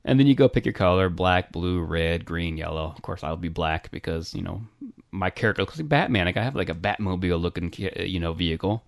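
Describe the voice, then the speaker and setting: Deep-voiced man in casual game chat. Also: brisk, vocal fry, no room sound, studio quality. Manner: relaxed, rambling, many fillers and restarts. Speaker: podcast co-host. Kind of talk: casual retro gaming chat.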